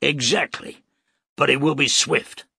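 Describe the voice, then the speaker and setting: A man's voice: medium pitch, steady tone, a little slow, gravelly, pushed and bright, breathy edge, no echo, clean studio sound, pitched above the performer's own voice, heavily acted. A man voicing a courteous but villainous gunman who speaks in a polished, mocking way. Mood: smug.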